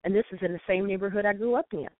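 Racing through an impassioned story with quoted dialogue, a St. Louis woman calls in to a talk show. Her voice sits in the mid-range. The tinny, dry phone line has no echo.

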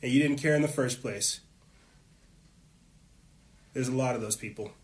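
This is a man on his own program, worked up and cursing freely as he preaches through a passionate political monologue. His pitch is medium and his speed normal.

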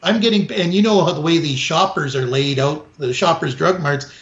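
A podcast co-host tells a story in a casual chat, ranting and swearing as he acts out the people he quotes. His voice is fairly high and fairly bright, at a moderate pace. The recording has an echoey, dull, lo-fi room sound.

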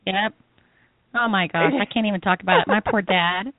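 A woman co-host telling stories in an animated, playful way, acting out little moments as she goes. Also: medium pitch, normal speed. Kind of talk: casual podcast interview. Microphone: remote video call. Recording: tinny phone-line audio.

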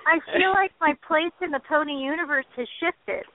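A woman's voice: sits high, brisk, slight background noise. A woman co-hosting a podcast in casual chat, rambling and restarting her sentences as she goes. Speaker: podcast co-host. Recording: dry, tinny phone-like line.

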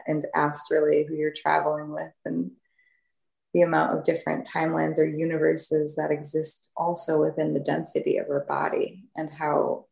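A woman guest in a group discussion, musing in an unhurried, dreamy way. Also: low-pitched, monotone, vocal fry, darkish tone, echoey room, low-quality recording. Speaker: podcast guest.

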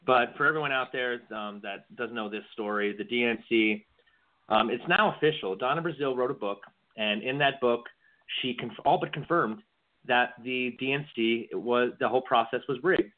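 A man's voice: mid-range voice, normal speed. A man co-hosting a casual political podcast, rambling and often repeating words as he starts a sentence. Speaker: podcast co-host. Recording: tinny phone-like lo-fi audio.

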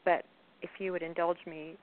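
Low-voiced woman caller on a hissy phone line. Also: flat delivery, normal speed. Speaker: caller and poet. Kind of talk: phone-in conversation. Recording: tinny phone line with faint hiss.

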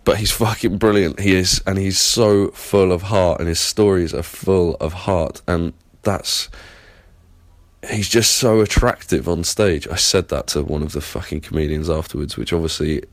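A man's voice: sits low, dry recording. An English man from Plymouth rambling through a casual, sweary audio diary as host. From Plymouth, England. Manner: rambling, sweary, enthusiastic storytelling. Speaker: podcast host.

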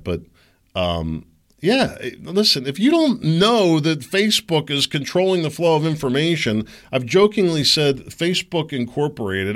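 A man's voice: fairly high pitch, a bit bright. A middle-aged man hosting a solo podcast, rambling and opinionated, with sarcastic asides. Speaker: podcast host.

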